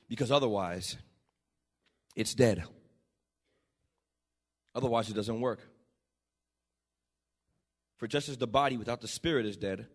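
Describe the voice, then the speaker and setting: A male pastor preaching a sermon in a church, building to shouted peaks and dropping to quiet, low passages. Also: breathy edge. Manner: shouting, rising to emphatic peaks.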